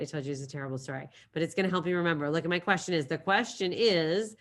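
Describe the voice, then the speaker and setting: A woman's voice: deep voice, fast, few pauses. A woman teacher talking her class through a recorded lesson in a chatty way, telling a silly memory story and repeating key phrases.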